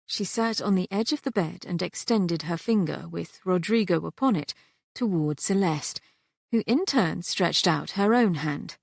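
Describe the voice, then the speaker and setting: A woman narrating a historical romance audiobook in a gentle, even storytelling manner. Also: fairly low pitch, unhurried, creaky, dry recording, studio quality. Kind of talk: scripted narration.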